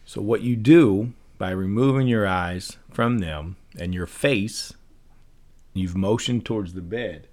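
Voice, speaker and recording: A man's voice: lowish voice, a little mellow. A man hosting a casual solo podcast, speaking loosely with frequent fillers and rhetorical questions. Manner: loose and conversational, many fillers, rhetorical "right?". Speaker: podcast host. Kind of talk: casual solo talk on persuasion and parenting.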